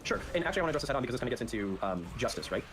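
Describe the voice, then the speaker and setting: A combative man argues in an online debate, talking very fast. He is profane and sarcastic, and steady noise sits behind his voice. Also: medium pitch. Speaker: debate participant. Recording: noisy background.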